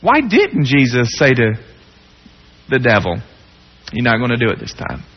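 A man preaching a sermon, dropping to hushed low tones and rising to raised pleading. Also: huge pitch swings, normal speed. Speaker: pastor. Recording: dull lo-fi sound with long hall reverb.

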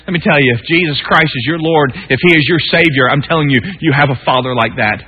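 Guy preaching, kinda hoarse breathy voice, chatty and earnest, lots of restarts. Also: fairly high pitch, fast talker, hardly any pauses, long reverb tail. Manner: earnest, conversational, with frequent restarts and asides. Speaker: pastor. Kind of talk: sermon with personal storytelling. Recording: tinny lo-fi radio broadcast.

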